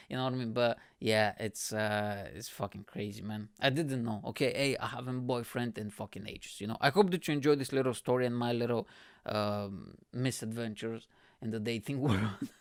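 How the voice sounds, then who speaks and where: A young man hosting a solo podcast, mid-pitched and conversational, who swings up into exasperated rhetorical questions and swears freely. The sound is dry and close, with no room around it. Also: no room sound. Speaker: podcast host and stand-up comedian. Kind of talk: casual solo podcast monologue.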